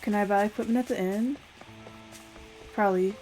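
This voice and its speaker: A woman's voice: mid-range voice, steady tone, moderate pace, dark tone, faint music behind. Chatty woman gaming aloud. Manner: chatty, laughs often, thinks aloud. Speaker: gamer playing a story game. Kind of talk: casual let's-play commentary.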